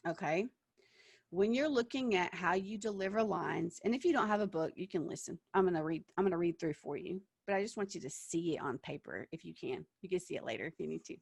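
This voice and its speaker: A woman teaching an online acting workshop, lively and animated, checking in with her listeners by asking "okay?" and "yeah?". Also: on the low side, fairly quick, gravelly, breathy edge, no room sound.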